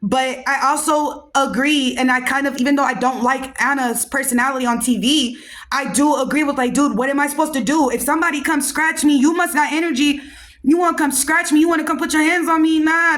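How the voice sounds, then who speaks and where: Young woman, high voice, podcast host, casual storytelling, animated, slangy, talks to listeners.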